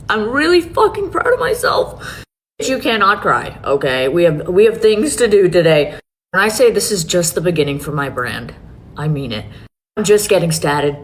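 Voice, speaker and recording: A woman with a low-pitched voice speaks as the founder of her own beauty brand. She talks earnestly and swears freely, and a faint rumble sits under her voice. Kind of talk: emotional announcement video.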